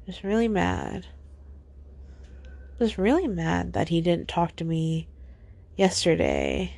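A woman's voice: lowish voice, sing-song, slow pace, creaky, pauses often, a little mellow. A young woman hosting a solo podcast, upset and sighing often as she vents. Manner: frequent heavy sighs, upset. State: upset, close to tears. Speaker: podcast host.

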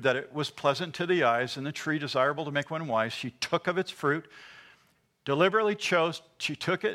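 A man delivering a sermon with a bright, forceful tone and a slightly raised pitch. He teaches earnestly, repeats key words and pauses on rhetorical questions to the congregation. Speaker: preacher.

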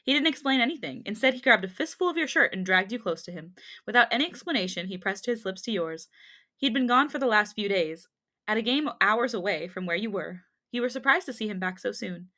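Bright young woman reading fanfic aloud. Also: medium pitch, lively intonation, fairly quick. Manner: laughs often, jokey asides. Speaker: podcast co-host.

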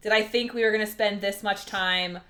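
Bright-voiced, chatty woman podcaster. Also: mid-range voice. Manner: chatty, animated, quick to react. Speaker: podcast co-host. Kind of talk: casual chat. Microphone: video call.

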